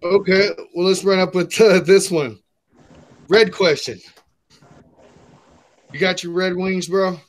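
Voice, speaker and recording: A young man hosting a podcast, telling a crude story in a loose, animated way and acting out the people in it. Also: sits high. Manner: animated, acts out the people in his stories with quick shifts. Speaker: podcast host. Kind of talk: casual profane storytelling.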